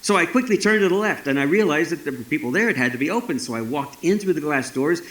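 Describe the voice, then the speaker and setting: A man's voice: fairly high pitch, animated, quick pace, a bit bright, reverberant, low-quality recording. A man in his sixties from Texas, telling a story live at a festival in a folksy, dramatic way with wry asides. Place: festival stage.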